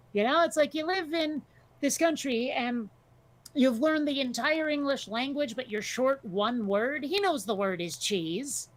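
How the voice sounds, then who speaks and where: A woman's voice: fairly high pitch, a little slow. A woman co-hosting a casual podcast chat, talking bluntly, swearing freely and telling stories with energy. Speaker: podcast co-host.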